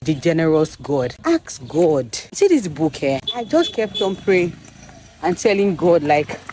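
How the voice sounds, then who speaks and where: A young Nigerian woman with a Nigerian accent, chatting excitedly in a casual vlog to a phone camera, with pidgin-tinged phrasing. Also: lowish voice, takes it slowly. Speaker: vlogger and author. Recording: echoey room with faint background ambience.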